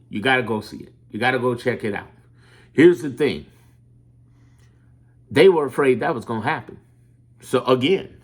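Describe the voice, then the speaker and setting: A man from Chicago talking in a loose, animated monologue, rambling, swearing and laughing as he tells stories. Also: a little high. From Chicago, USA. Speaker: political commentator. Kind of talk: casual monologue.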